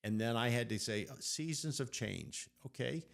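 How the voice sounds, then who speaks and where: A middle-aged man co-hosting a faith podcast, telling stories in an animated, excited way. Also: mid-range voice, normal speed, creaky. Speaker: podcast co-host. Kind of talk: casual storytelling chat.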